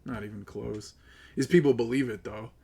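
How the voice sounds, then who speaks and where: A man's voice: medium pitch, steady tone, moderate pace, vocal fry, breathy edge. Upset man ranting on a live stream. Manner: profane, agitated, swings between yelling and muttering. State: upset, near tears. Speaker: livestreamer.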